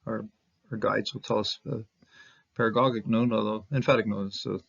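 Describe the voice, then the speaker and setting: A man teaching a casual verse-by-verse Hebrew lesson, halting and thinking aloud with many fillers and small chuckles. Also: fairly low pitch, steady tone, creaky, breathy edge. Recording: dull lo-fi recording.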